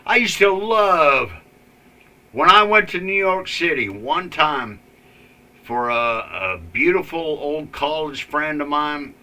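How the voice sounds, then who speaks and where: A man's voice: mid-range voice, pushed and bright. A man ranting angrily in a rambling, profane vlog with many fillers. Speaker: vlogger. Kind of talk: ranting political commentary.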